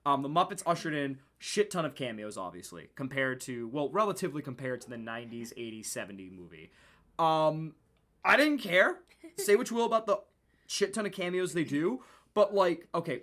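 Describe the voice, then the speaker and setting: Bright-voiced excitable male podcast co-host. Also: mid-range voice, moderate pace. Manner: excitable, swears often, rambling asides. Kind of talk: casual chat.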